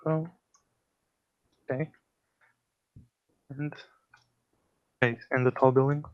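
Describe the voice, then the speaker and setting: Man interviewer, mid-pitched, halting with fillers, dry close sound. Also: little pitch movement, no room sound, muffled recording. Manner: hesitant, many fillers, repeats words back. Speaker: fieldwork interviewer. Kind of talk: elicitation session, casual.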